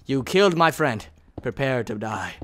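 A man's voice: mid-range voice, sing-song, moderate pace, natural voice. A man playing a vengeful swordsman who hunts his father's killer and speaks in a theatrical, boastful challenge. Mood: mock-menacing.

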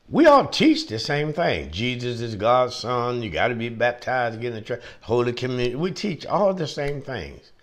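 A male preacher delivering a sermon with a lively, swooping pitch. He hammers points home through repetition and emphatic rising peaks.

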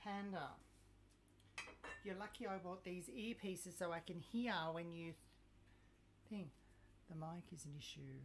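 A woman's voice: fairly low pitch, a little slow, pauses often, noisy background. A woman hosting a casual live cooking stream, chatting and joking with viewers in a self-mocking way. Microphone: clip mic, sometimes moved.

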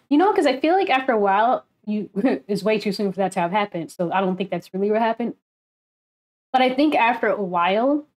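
A woman hosting a casual album reaction video, chatty and excitable, laughing often. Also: medium pitch.

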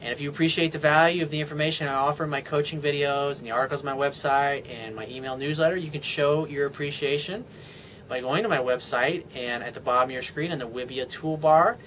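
A man's voice: on the high side, fairly even intonation, fast talker, fairly bright tone, slight background noise. A man giving dating advice as a coach, blunt and emphatic, with casual swearing. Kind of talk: advice monologue to a viewer.

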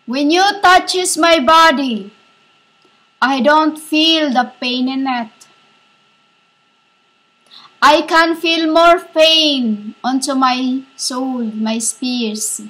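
A woman with a high, bright voice delivers a rambling spiritual monologue. She speaks slowly and haltingly, repeating herself and breaking off to address her listeners as women. She sounds like a self-styled preacher. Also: poor audio.

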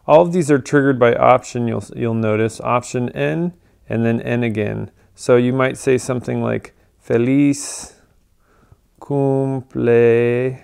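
A man giving a casual computer tutorial, relaxed and full of ums and uhs. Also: mid-range voice, moderate pace, creaky, smooth. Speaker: tutorial presenter.

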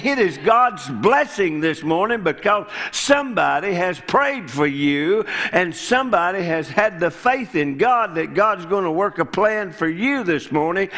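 Slow, animated preacher. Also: male voice, sits high. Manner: folksy, storytelling preacher who acts out the characters' lines. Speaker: pastor. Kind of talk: sermon. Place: church sanctuary.

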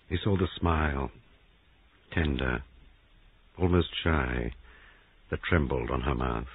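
A man narrating an audiobook in a measured, expressive way. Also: rumbling low, breathy edge. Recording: dry, tinny phone-like sound.

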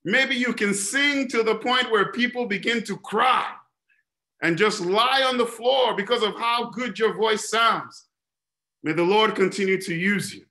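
A man preaching from the pulpit in a high, bright voice, pressing each point with repeated refrains and rhetorical questions. His delivery is emphatic and driving. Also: measured pace. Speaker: pastor. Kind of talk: sermon.

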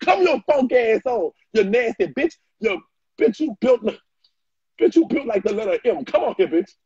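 A man doing a loud, flamboyant ranting reaction video, trading in trash talk and frequent shouting. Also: very high voice, sing-song, moderate pace, slightly rough, no room sound. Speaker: social media personality. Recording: muffled lo-fi dry recording.

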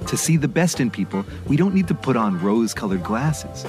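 A man's voice: mid-range voice, big pitch swings, brisk. Earnest man narrating a podcast. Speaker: podcast co-host. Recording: music bed underneath.

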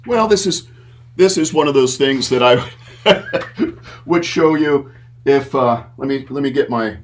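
A man's voice: mid-range voice, measured pace. Rambling man with many fillers. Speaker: guest, puppet maker. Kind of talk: casual interview talk.

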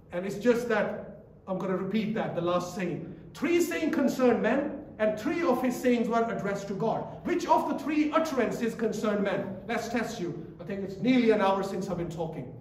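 A man's voice: high-pitched, animated, normal speed, slight background noise. A man preaching a sermon in a church, emphatic and repetitive, quizzing the congregation as he goes. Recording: echoey church from a distance.

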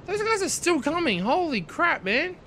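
Excitable young man yelping at a game. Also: extremely high pitch, moderate pace, slight background noise. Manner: excitable, swears and yelps at the game. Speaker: gameplay commentator. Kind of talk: let's play commentary.

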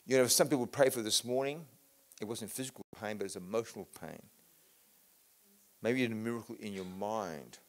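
Speaking a little fast in a fairly low voice, an English-accented healing minister runs a healing meeting. He prays fervently and declaratively over people, shifting between quiet and loud, and throws in casual, friendly remarks.

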